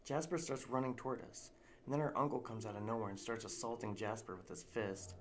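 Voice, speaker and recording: A man's voice: lowish voice, fairly quick. A man reading a story aloud in a live narration, casual and unpolished, with restarts.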